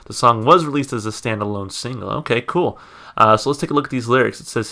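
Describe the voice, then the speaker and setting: An American man hosting a music reaction video, thinking aloud in casual commentary, reading lyrics and notes and filling pauses with "uh" and "like". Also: medium pitch, vocal fry, bright, forceful tone. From United States. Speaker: music reaction channel host.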